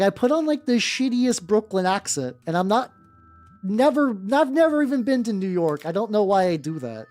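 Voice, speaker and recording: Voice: medium pitch, darkish tone. A streamer chatting casually on a livestream while painting miniatures, rambling with many restarts and some swearing. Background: faint background music.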